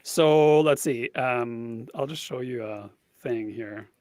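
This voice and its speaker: A man's voice: mid-range voice, slow pace, darkish tone, dry recording. A man, a guest on a casual panel chat, explaining a tool at length and thinking aloud as he goes.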